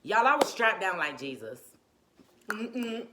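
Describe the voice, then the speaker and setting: A young woman telling a casual storytime about giving birth, animated and slangy, acting out what people said. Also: mid-range voice, measured pace, noisy background. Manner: animated, slangy, acts out quotes, laughs often.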